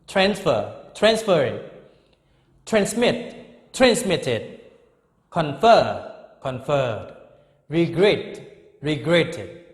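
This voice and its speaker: A middle-aged man teaches English grammar in a high, slow voice. He repeats each word several times and keeps checking in with "okay?". The recording sounds echoey, with a long reverb. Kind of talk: grammar lesson.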